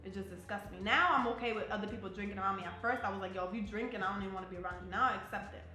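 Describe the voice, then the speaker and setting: A blunt, profane young woman from New Jersey, an army soldier being interviewed, tells personal stories casually in a rapid-fire, sharp, medium-pitched voice. Faint music and a roomy echo fill the recording.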